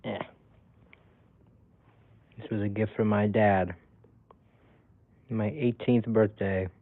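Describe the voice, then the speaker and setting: Taking his time, a young streamer with a lowish, fairly evenly pitched voice rambles casually and jokes at his own expense while responding to chat, chuckling often. A faint hiss runs under the tinny, phone-like sound.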